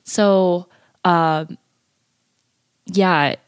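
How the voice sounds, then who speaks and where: A woman's voice: lowish voice, steady tone, drawn-out words, clean tone, dry recording, clean studio sound. A young woman co-hosting a podcast, telling a childhood story in a chatty, reflective way. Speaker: podcast co-host. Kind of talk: casual chat.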